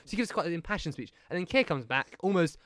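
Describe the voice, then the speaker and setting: A man's voice: on the high side, expressive, fast talker, fairly bright tone. A young man co-hosting a radio politics chat, talking casually and mimicking politicians as he tells stories. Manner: chatty, mimics politicians mid-story. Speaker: radio show co-host.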